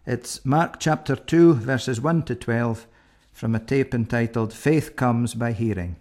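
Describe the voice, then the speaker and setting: A man's voice: medium pitch, unhurried, darkish tone. A man presenting and introducing Bible readings in a plain, conversational manner. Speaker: radio presenter.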